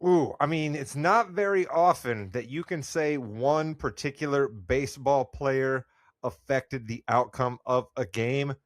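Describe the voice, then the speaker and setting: A man hosts a sports podcast in loose, upbeat chat. His voice sits at a middle pitch, recorded dry and close with no room sound. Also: a little slow, no room sound. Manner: upbeat, loses his train of thought. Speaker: podcast host.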